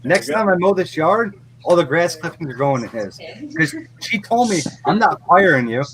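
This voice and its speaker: A man's voice: sits high, big pitch swings, normal speed, a crowd in the background, rough recording. A middle-aged man who runs a lawn mowing business, telling a blunt, profane story in a casual podcast chat.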